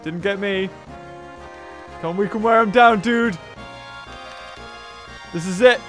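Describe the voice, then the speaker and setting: A man giving excitable let's play commentary, laughing, yelping and muttering to himself as he plays. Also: sits high, slow, faint music behind. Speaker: gameplay commentator.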